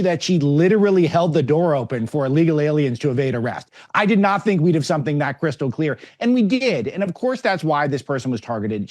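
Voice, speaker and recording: A man's voice: on the high side, a little mellow. A middle-aged man appearing as a guest, arguing political points in an emphatic way. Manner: emphatic, argumentative. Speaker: guest commentator. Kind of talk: political commentary.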